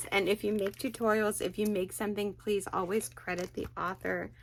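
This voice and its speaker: A woman crochet vlogger chatting excitedly as she unboxes birthday gifts, gushing and exclaiming often. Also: mid-range voice, moderate pace, creaky, slight background noise.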